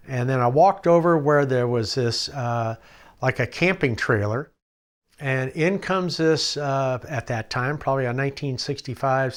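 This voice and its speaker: An older man telling rambling stories in a documentary interview, chuckling and acting out the voices of the people he quotes. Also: mid-range voice. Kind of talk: storytelling anecdotes.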